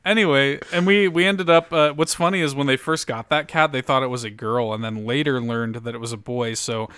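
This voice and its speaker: A man's voice: medium pitch, fairly even intonation, fairly quick, a bit bright, smooth, no room sound, clean studio sound. A young man from Louisiana casually telling a long story on a podcast, with lots of fillers and cursing. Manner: rambling, profane, laid-back storyteller with many fillers. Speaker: podcast host.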